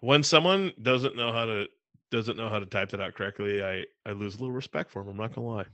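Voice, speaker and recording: A man chatting casually as a podcast co-host, ranting in an animated, exasperated way. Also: lowish voice, fast talker, no room sound. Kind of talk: casual chat.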